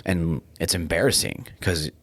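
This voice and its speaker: A man hosting a podcast, talking casually in a relaxed, rambling way. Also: low voice, measured pace, vocal fry, breathy edge, dry recording. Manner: relaxed, rambling, many restarts. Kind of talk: casual conversational podcast talk.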